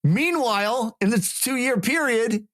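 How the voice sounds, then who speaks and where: A man co-hosting a comedy history podcast, telling the story in an animated, laughing way. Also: very high voice, slow pace.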